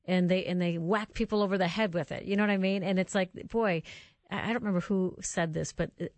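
A woman's voice: on the low side, steady tone, fast talker, darkish tone, no echo. A woman hosting a Christian radio talk show, chatting earnestly and telling stories. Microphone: studio microphone.

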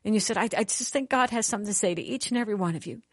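A woman's voice: medium pitch, rapid-fire, no room sound, clean studio sound, voice pushed up, natural voice. A woman voicing a sobbing young woman of twenty. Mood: hopeful. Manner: tearful, pleading outbursts.

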